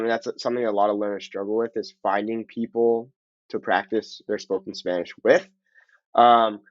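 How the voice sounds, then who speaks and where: A man's voice: medium pitch, no room sound. A young man, telling stories as a guest and acting out his own quotes. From Southern California. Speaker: guest, language teacher. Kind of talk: casual interview chat. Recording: dull lo-fi audio.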